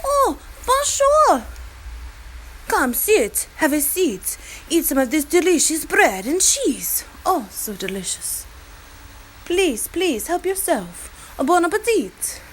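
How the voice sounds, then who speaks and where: A woman's voice: very high voice, sing-song, slow, fairly bright tone, slight background noise, voice pushed up, heavily acted, rough recording. A woman voicing a gracious male French host in a put-on French accent and a sing-song, gushing delivery. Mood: gushing hospitality.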